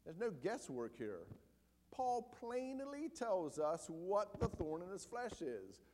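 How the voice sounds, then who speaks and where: A man preaching a sermon emphatically, pushing some lines up loud and dropping others low and quiet. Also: sing-song, slow, noisy background. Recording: long hall reverb.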